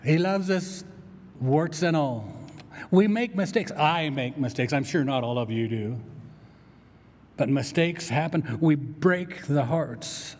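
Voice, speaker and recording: A man preaching a sermon as pastor, animated and storytelling, with playful asides to his congregation. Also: fairly high pitch, slow pace. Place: church sanctuary. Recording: long reverb from a church hall.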